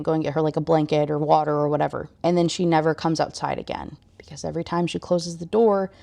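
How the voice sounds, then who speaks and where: A woman's voice: low voice, creaky, a little mellow. A woman and book reviewer recapping a novel in a casual, enthusiastic way, full of fillers.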